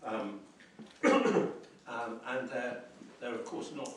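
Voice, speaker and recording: A medium-pitched lecturer draws out his words as he talks about poetry to a university class, pausing thoughtfully with frequent ums and false starts. The distant mic captures lecture hall echo along with a slight hiss or hum.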